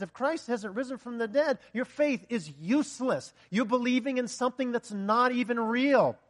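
A man preaching a sermon with passion, rising to loud peaks and sinking to a hushed, earnest tone. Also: very high-pitched.

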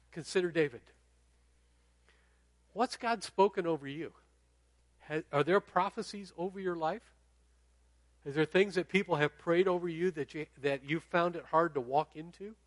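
A man's voice: a little high, dry recording. A middle-aged man preaching a sermon in a conversational way, often checking in with the audience. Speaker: pastor.

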